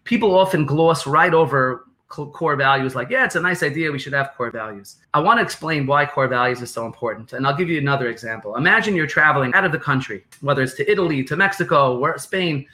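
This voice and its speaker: A man with a New York accent, explaining business ideas as a podcast guest in an animated way, repeating phrases and acting out quotes. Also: on the high side, fast talker, few pauses.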